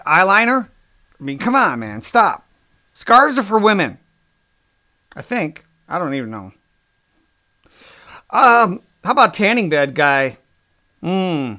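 A man's voice: fairly high pitch, pushed and bright. Sarcastic man on a crude comedic rant. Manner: sarcastic, crude, exasperated ranting. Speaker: podcast host.

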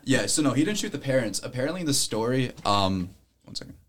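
A man's voice: mid-range voice, very animated, a little fast, fairly bright tone. Young man explaining a news story. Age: young adult. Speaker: podcast co-host. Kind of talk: casual chat.

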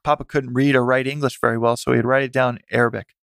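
A man reading a family memoir aloud, in a plain, steady way with occasional self-corrections. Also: mid-range voice, quick pace, gravelly, clean tone, no room sound. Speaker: narrator.

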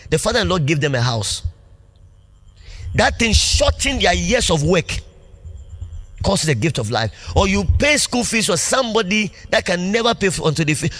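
A pastor preaching a sermon in a church, animated, laughing often and asking the congregation questions. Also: male voice, high voice. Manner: call-and-response preaching, asks congregation questions.

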